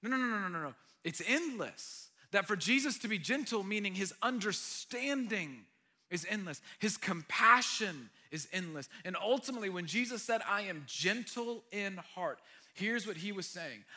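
A male pastor preaching a sermon in an earnest way, swinging between loud emphatic lines and hushed, nearly whispered ones. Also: high-pitched, lively intonation, moderate pace.

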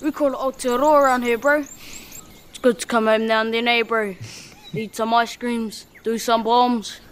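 A man's voice: very high voice, little pitch movement, unhurried, fairly bright tone, voice pushed up. A man doing a laid-back young Kiwi guy with a New Zealand accent, speaking in a raised, easy drawl. Faint birdsong and outdoor hum sit behind him in the clip. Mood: easygoing.

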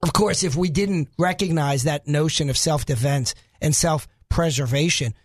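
A man from New York sits in as a talk radio host, his voice pitched high for a man. He jokes at his own expense and wanders off into asides while chatting in the studio. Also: moderate pace. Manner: joking, self-mocking, rambling asides.

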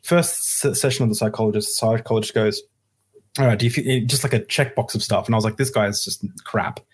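A man's voice: on the low side, quick pace, breathy edge. A man hosting a podcast, telling a personal story in casual chat and acting out the quoted dialogue with energy. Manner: animated, acts out quoted dialogue. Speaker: podcast host.

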